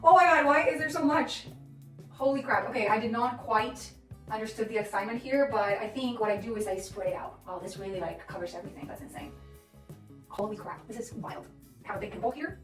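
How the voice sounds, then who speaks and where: A woman chatting through a casual beauty product review, excitable and self-deprecating about her makeup skills. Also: medium pitch, brisk, far from the mic. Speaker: beauty vlogger. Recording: roomy echo, off-mic, faint music.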